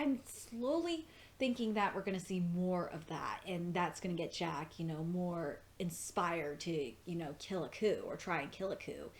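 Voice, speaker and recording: A young woman giving an excited, profane, gushing review of a cartoon episode in casual chat. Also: lowish voice. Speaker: video reviewer.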